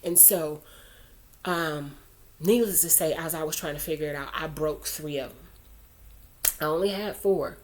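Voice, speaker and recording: A woman's voice: low voice, moderate pace, pauses often, slight background noise. A woman vlogger telling a personal faith story in a chatty, rambling way, full of asides, turning earnest when she urges prayer. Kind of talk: casual storytelling to camera.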